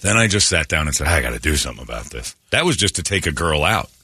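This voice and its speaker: A man hosting a morning radio show, telling self-mocking stories in casual chat and acting out quotes loudly. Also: extremely low pitch, very animated, fast talker, very noisy. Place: radio studio. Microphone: studio microphone.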